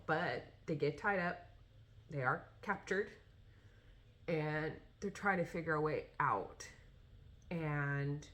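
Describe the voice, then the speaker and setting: Low-voiced woman chatting about books. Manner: rambling, with many fillers and restarts. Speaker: vlogger talking about books. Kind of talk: casual chat.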